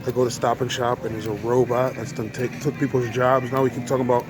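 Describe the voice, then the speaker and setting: A man records a casual vlog on his phone while walking through a grocery store, speaking informally to his viewers. Loud store music plays behind him, and the phone mic gives the sound a rough, close feel. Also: medium pitch, level tone, quick pace. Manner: informal, addresses viewers directly. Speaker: vlogger.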